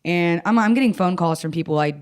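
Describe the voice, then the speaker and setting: A young adult woman comedian swaps stories in a loose, casual chat. She is blunt and profane, laughs easily and mocks herself, with a slightly low pitch. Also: quick pace. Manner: blunt, profane, self-mocking, laughs often. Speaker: comedian guest.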